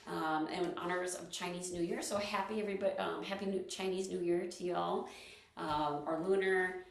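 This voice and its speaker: A woman's voice: on the low side, steady tone, normal speed, gravelly, very echoey, recorded from a distance. Chatty woman leading a wellness class. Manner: rambling, chatty, many ums and restarts. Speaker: movement and wellness class leader. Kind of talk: casual online class talk with singing.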